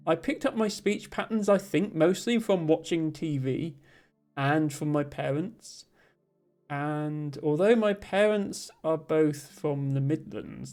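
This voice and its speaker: A woman's voice: low-pitched, warm tone. A woman from Somerset with a generic, slightly posh southern English accent, chatting casually on a stream while solving puzzles and thinking aloud. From Somerset, southwest England. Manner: rambling, thinks aloud, reads chat aloud.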